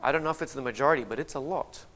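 Man preaching with lively humor. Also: medium pitch, very fast. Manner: lively, humorous retelling with acted-out quotes. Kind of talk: sermon with storytelling.

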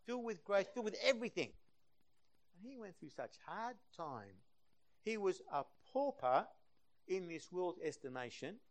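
A man preaching a sermon, swinging between loud passionate emphasis and hushed, quiet stretches. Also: sits high.

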